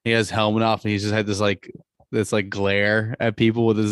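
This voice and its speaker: A man's voice: on the low side, flat delivery, brisk, dry recording, clean studio sound. A man hosting a casual sports podcast, joking and laughing often as he leads the chat. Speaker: podcast host.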